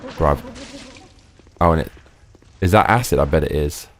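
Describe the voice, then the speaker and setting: A man's voice: rumbling low, normal speed, slight background noise. A young man giving casual, swear-filled let's play commentary, muttering in slang as he plays. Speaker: gaming streamer.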